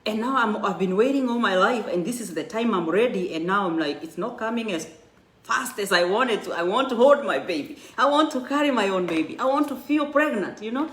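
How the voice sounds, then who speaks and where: Woman, 30s, earnest testimony speaker, mid pitch, roomy echo. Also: lively intonation, a little fast. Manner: earnest, encouraging, with restarts. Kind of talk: personal testimony. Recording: echoey room.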